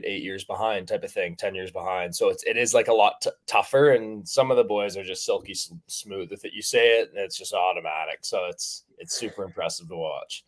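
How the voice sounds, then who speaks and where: A young man from Canada, a professional rugby player, chatting in an interview with lots of fillers and restarts. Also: fairly low pitch. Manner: rambling, many fillers and restarts. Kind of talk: casual interview chat.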